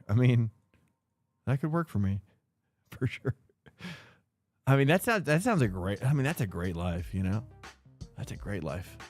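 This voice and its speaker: A loose, chatty man streaming his sim racing and talking to chat. His pitch jumps around a lot as he rambles. Faint music plays behind him. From United States. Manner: loose and chatty, says dude and bro a lot. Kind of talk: casual live-stream chat.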